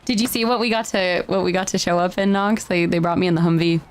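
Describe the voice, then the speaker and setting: A woman's voice: lowish voice, steady tone, fast. A woman in role-play as a town mayor, chatting and laughing easily, then addressing a town hall.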